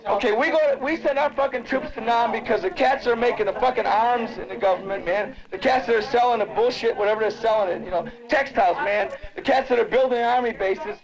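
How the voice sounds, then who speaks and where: Fired-up high-voiced man arguing hard. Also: a little fast, hardly any pauses, a crowd in the background, low-quality recording. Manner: profane, insistent, streetwise slang. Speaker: community member in a street debate. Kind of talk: heated argument.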